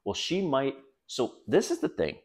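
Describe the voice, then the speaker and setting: A man's voice: medium pitch, huge pitch swings, moderate pace, darkish tone. A middle-aged man hosting a dating advice video, talking bluntly and casually to camera, swearing now and then and calling his viewers guys.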